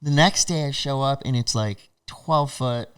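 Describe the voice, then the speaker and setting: Animated man telling stories, smooth voice. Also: medium pitch, unhurried. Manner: animated, laughing, acts out other people's lines. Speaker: podcast guest. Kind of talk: casual storytelling.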